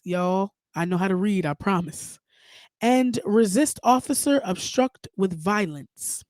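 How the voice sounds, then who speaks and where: A woman hosting a podcast, giving outspoken, animated, profane commentary. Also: mid-range voice, slow pace, no room sound, clean studio sound. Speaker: podcast host. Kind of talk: casual commentary.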